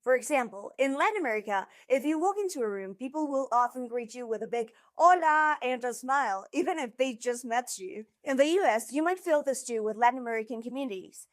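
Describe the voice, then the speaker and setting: A woman's voice: fairly high pitch, animated, quick pace, hardly any pauses, dry recording, clean studio sound. A woman hosting a language lesson, explaining in an enthusiastic, conversational scripted style with a few words in Spanish mixed in. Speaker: Spanish teacher and video host.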